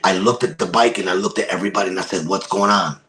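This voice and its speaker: On a podcast, a guest from a wrestling promotion tells a dramatic personal story, stressing words and repeating phrases. His low voice is fairly even in intonation, a bit bright, and races along. The recording is rough.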